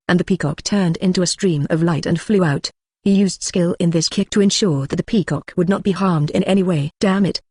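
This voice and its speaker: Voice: medium pitch, darkish tone, slightly rough, dry recording, clean studio sound. A synthetic-sounding narrator reading a translated web novel aloud, who reads symbols and sound words literally. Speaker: audiobook narrator.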